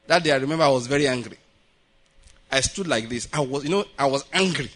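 A man's voice: mid-range voice, quick pace. A man with a Nigerian accent preaching a sermon in a church, telling stories and often asking whether the congregation gets his point. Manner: animated, keeps checking the congregation follows his point. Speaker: pastor. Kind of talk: sermon with storytelling. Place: church building.

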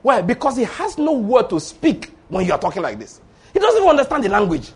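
A man preaching a sermon, animated and acting out the voices of people in his stories. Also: very high voice, quick pace, husky. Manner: animated, acts out voices of Satan and church members.

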